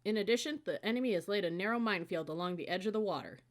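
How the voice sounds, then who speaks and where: A stern, burly male cadet instructor in a storybook, barking out a mission briefing, as a woman narrator puts him on. He sounds lifted and loud, pushing each point with drill-style command. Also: medium pitch, expressive, rapid-fire, lightly acted.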